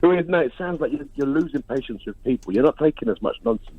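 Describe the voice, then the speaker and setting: A man calling in to a radio phone-in, talking in an animated, stumbling way. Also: mid-range voice, fast talker, no room sound. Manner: animated, slightly husky, stumbling. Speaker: caller. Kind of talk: phone-in call. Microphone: telephone. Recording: tinny phone line.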